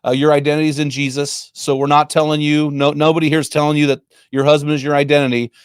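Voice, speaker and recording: A man's voice: a little high, level tone, quick pace, clean tone, dry recording. A man in his fifties, a Christian ministry founder, talking emphatically in a preacher-like way. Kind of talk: impassioned Christian talk.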